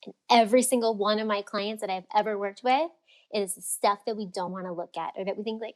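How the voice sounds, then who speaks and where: A freedom and fulfillment coach, appearing as a guest on a casual podcast interview, speaks fast in a mid-pitched, expressive voice. She's energetic and animated, dropping into small acted-out voices whenever she quotes someone.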